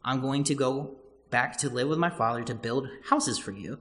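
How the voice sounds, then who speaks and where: A male preacher speaking as a calm teacher, reassuring, gentle, long reverb. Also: medium pitch, moderate pace, lightly acted. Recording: long church-hall reverb.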